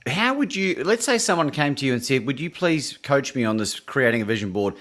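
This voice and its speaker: A man's voice: mid-range voice, very animated, a little fast, fairly bright tone. Man, co-host, curious, hesitant questioner. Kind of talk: casual interview chat.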